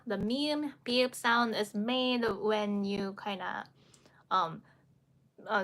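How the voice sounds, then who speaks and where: Slow, bright-voiced woman teaching. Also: a little high. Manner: patient, demonstrates sounds by repeating syllables; frequent fillers and restarts, laughs lightly. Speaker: Korean pronunciation teacher. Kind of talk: live-stream lesson, answering comments.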